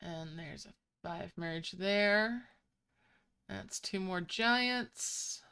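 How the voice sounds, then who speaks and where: A woman talks her way through a mobile game session, musing aloud as she plays. Her voice is smooth and clear, and she takes her time with every sentence. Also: medium pitch, very slow, sharp tone. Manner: chatty, musing aloud while playing. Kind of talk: casual gameplay commentary. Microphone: desk microphone.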